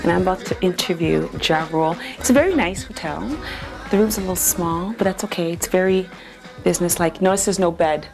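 A woman vlogging to camera as an interviewer, chatty and excitable, with jokey asides. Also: lowish voice, fairly quick, vocal fry, soft background music, low-quality recording. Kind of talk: vlog-style chat to camera. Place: hotel room and city streets.

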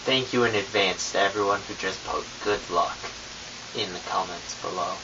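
A young man in casual vlog talk, speaking quietly and rambling offhandedly. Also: sits low, fairly quick, distant mic, highs cut off. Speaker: vlogger. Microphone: camera mic, off-mic. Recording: hissy home camera audio, off-mic.

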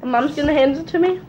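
Young woman vlogger; high, very unhurried, giggly delivery; noisy home recording. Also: a little mellow, highs cut off. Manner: giggly, laughing often. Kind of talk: casual challenge video chat.

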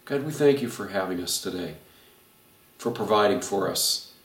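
A man's voice: low voice, expressive, moderate pace. Reassuring male pastor in an echoey church. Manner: gentle reassuring preaching, quotes God softly. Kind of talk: Bible study teaching and prayer. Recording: echoey room, voice from far off mic.

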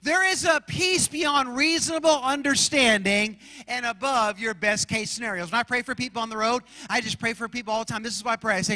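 A man's voice: very high-pitched, steady tone, brisk, few pauses, sharp tone, no echo, long reverb tail, rough recording. A male pastor preaching a sermon, emphatic, and slipping into chatty storytelling. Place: large church sanctuary.

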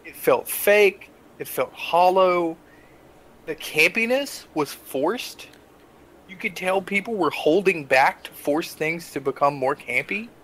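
A young adult man co-hosting a casual podcast, telling a story with animated, exasperated asides. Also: sits high, slow pace. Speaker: podcast co-host.

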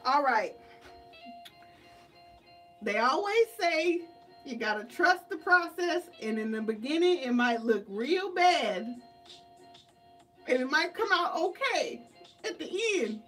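A woman's voice: high-pitched, expressive, slow, pauses often, a bit bright, faint music behind. A woman vlogging a makeup tutorial in a dramatic, chatty way, calling on the Lord and calling viewers y'all and child. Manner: dramatic, exclaims to God and the Lord.

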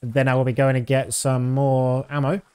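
A man's voice: medium pitch, little pitch movement, moderate pace, mellow, clear, resonant tone. A man in his thirties giving casual, rambling commentary while streaming a game, with many fillers.

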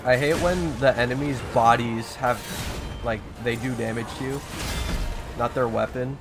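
A young man streaming a video game, giving excitable, slangy commentary and swearing often. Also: mid-range voice, normal speed. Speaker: gaming streamer. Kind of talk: gameplay commentary. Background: game music.

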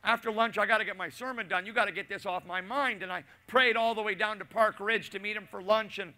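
Middle-aged man, pastor, high bright voice, storytelling sermon with repeated lines. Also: steady tone, moderate pace. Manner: storytelling with asides and repetition, swinging from loud to hushed.

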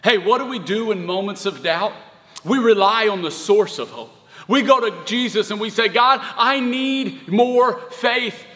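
Brief: pastor in his thirties, animated storyteller, forceful tone with long reverb. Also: high-pitched, moderate pace. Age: 30s. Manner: animated storytelling, conversational with emphatic surges. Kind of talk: sermon.

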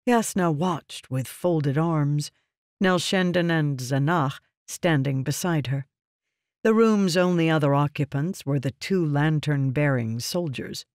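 Man reading a fantasy audiobook, steady measured pace, super dry close mic. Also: fairly high pitch, clear, resonant tone, no room sound. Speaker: audiobook narrator.

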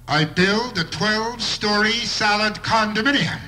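A man's voice: sits high, measured pace, bright, forceful tone. A man doing a live stand-up routine with a wry observational delivery and bursts of mock outrage. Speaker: stand-up comedian.

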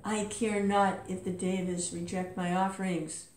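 A woman voicing a furious, powerful old male sage who proclaims loudly and with command. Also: medium pitch, little pitch movement, measured pace, natural voice. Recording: roomy echo.

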